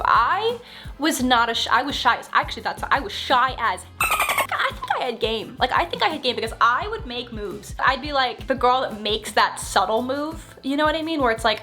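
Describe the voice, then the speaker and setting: Young woman vlogger, candid casual chat, slightly high voice, soft music bed. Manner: chatty and candid, acting out quoted thoughts. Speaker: couple vlogger answering viewer questions.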